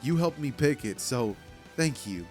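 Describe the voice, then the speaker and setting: A man's voice: medium pitch, lively intonation, measured pace, darkish tone, faint music behind, close to an everyday voice. A man voicing a cheerful invisible teenage hero girl in a chatty, bubbly way. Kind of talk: fan story narration.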